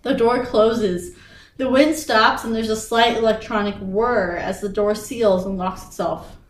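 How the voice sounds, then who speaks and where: A woman with a somewhat high, bright voice reads a spooky gamebook aloud for her co-host. She reads with animation and often stops to laugh or chat. The sound is roomy and echoey, as if the mic sits a little way off. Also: steady tone, a little slow. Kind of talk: casual read-aloud storytelling. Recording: roomy echo, distant from the mic.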